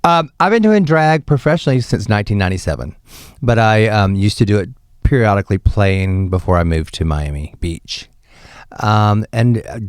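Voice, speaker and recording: A man guest, a drag performer, telling stories in a casual interview with a lively, campy manner and bursts of laughter. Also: no echo, clean studio sound. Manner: animated, campy, laughs often, jumps up in pitch.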